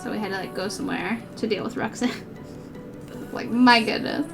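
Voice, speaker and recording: A woman's voice: mid-range voice, normal speed, creaky, music in the background. A woman streamer chatting casually while she cross-stitches. She rambles, giggles often and says "like" a lot. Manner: giggly, rambling, heavy use of "like".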